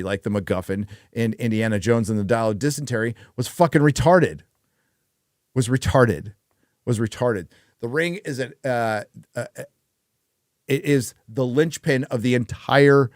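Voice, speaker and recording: A male livestream host talks in a blunt, profane rant, peppered with "uh" fillers. His voice sits at a middle pitch and is recorded dry and close. He keeps a loose, casual chat going. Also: a little slow, pauses often, no room sound. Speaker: livestream host reading viewer donations.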